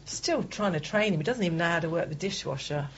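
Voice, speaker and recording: A middle-aged woman co-hosting a local radio show, chatty and quick to laugh. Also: lowish voice, expressive. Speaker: radio co-host. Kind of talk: casual radio chat. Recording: dull radio studio sound with faint noise.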